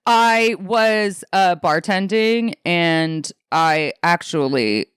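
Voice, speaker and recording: A young woman from Alaska tells comedy stories in a casual interview. Her voice swings widely and lively in pitch, sitting a touch low for a woman. The sound is close and dry, with swearing and quick acted-out quotes. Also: clear, resonant tone, no echo. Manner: animated, swearing, acts out quotes in other voices. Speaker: comedian guest.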